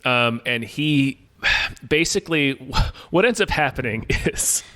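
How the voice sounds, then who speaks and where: Bright-voiced laughing podcast co-host. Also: male voice, medium pitch, lively intonation, takes it slowly. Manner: laughs often, jokey recaps. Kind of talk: casual film discussion.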